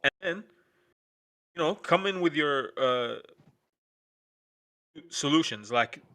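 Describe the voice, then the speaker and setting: A man's voice: fairly high pitch, lively intonation, slow pace, pushed and bright. A man hosting a late-night stream, ranting in a profane, sarcastic, rambling way. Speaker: stream host. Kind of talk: casual ranting chat.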